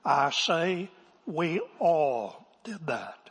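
A male pastor imitating an impassioned old preacher with a booming, drawn-out delivery in a reverberant hall. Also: expressive, fairly bright tone, breathy edge, full character voice. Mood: thundering. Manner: booming, drawn-out, with rising cries. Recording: long reverb of a large hall.

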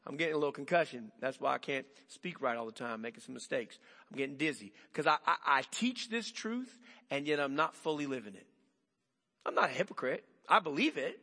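Animated preaching man in a reverberant hall. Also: on the high side, fairly quick. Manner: animated preaching with rhetorical questions. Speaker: pastor. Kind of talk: sermon.

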